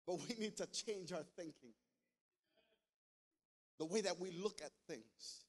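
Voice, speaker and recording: A man preaching a sermon as pastor, talking straight to his congregation and building to loud, emphatic passages. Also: sits high, measured pace. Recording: long hall reverb.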